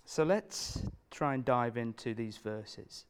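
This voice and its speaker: A man's voice: medium pitch, takes it slowly, smooth. A man preaching a sermon, earnest and emphatic, putting repeated questions to the congregation.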